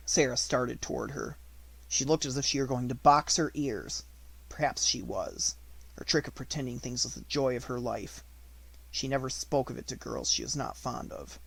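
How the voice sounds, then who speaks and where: A man narrating a children's classic in an even, measured reading. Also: medium pitch, creaky, slightly rough. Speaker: audiobook narrator. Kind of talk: unabridged audiobook reading.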